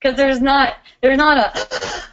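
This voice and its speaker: Middle-aged woman, spiritual teacher, warm and giggly, fairly high voice, dull lo-fi audio. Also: slow pace. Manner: warm, giggly, loving and upbeat. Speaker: spiritual teacher hosting a live Q&A. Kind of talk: casual live-stream Q&A.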